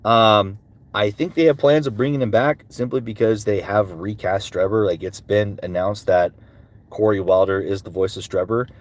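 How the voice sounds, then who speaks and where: A man's voice: on the low side, steady tone, normal speed. A male voice actor chatting casually with fans and answering their questions, slipping into character voices between answers. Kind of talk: casual livestream Q&A with impressions.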